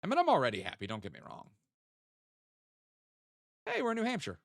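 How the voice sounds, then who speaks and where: A man's voice: fairly high pitch, wildly swooping pitch, brisk, dry recording, studio quality. A young man, chatting casually with viewers while playing a geography game and thinking aloud. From American South. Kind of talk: casual live-stream chat.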